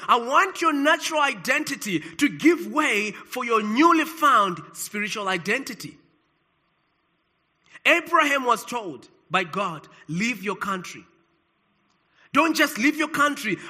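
High bright-voiced preacher from South Africa. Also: male voice. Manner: preaching with emphatic rises and sudden soft drops. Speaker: pastor. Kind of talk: sermon.

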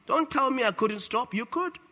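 A man preaching a sermon, emphatic and swinging between loud declarations and quiet asides. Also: very high voice, expressive, normal speed.

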